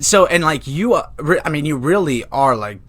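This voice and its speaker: Podcast host, man, twenties, slightly high voice, crude joker. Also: lively intonation, moderate pace, fairly bright tone. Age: 20s. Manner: crude, joking storyteller. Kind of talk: casual chat.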